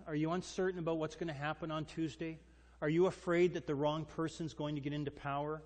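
A man delivers a sermon in an emphatic, animated style, pressing his listeners with rhetorical questions. His voice sits a little higher than most men's. It carries a long reverb tail, as if from a large hall. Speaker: pastor.

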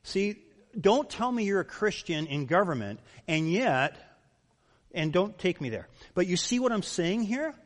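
A man's voice: high voice, very animated, measured pace. A male pastor preaching a sermon, emphatic and full of rhetorical questions. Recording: long reverb of a large hall.

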